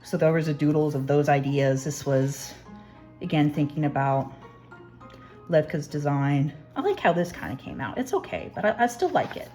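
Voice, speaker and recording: A young woman with a fairly low voice talks through her sketchbook in a rambling, self-deprecating way. She chats casually as she flips pages, and faint music plays underneath. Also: expressive, normal speed, warm tone. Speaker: artist, channel host. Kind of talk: casual sketchbook tour narration.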